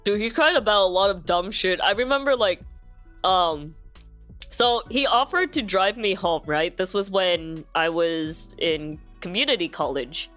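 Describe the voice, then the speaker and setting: A woman's voice: on the low side, lively intonation, unhurried, a bit bright, soft background music. A woman streamer chatting casually, blunt and profane, often laughing through her stories.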